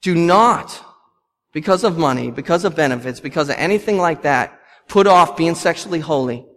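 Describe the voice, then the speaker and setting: A man's voice: on the high side, lively intonation, moderate pace, fairly bright tone. A man, preaching a sermon with passion and repeating lines for emphasis. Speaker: pastor. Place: church. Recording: long hall reverb.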